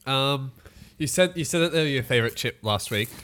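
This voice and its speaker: A man's voice: mid-range voice, expressive, fairly quick, fairly bright tone. A young man co-hosting a casual podcast, chatty and laughing, often trailing off mid-sentence. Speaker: podcast co-host.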